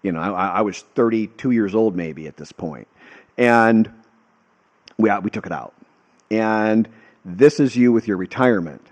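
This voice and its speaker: An American man hosts a casual storytelling monologue, earnest and heartfelt. His talk wanders as he circles back through the tale, in a somewhat low voice. The audio is dull and lo-fi. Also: moderate pace, pauses often. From United States. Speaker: host.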